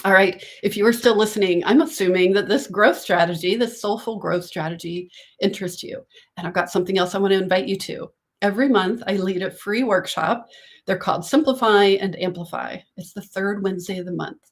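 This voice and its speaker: A woman's voice: mid-range voice, a little fast. A woman business coach talking casually to camera, coaching and often checking in with "right?".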